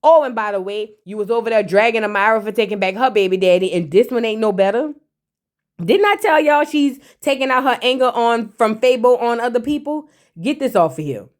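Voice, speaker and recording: Woman, fairly high voice, sassy reality TV recap, blunt and mocking, slangy commentary. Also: expressive, fairly quick.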